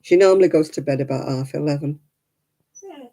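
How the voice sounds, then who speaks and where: Middle-aged lady nattering while she knits, husky and gravelly, coos at her dog. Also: sits low, fairly quick, pauses often, dark tone. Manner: chatty, coos baby talk to her dog. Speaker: crafting livestream host. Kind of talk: casual chat while knitting.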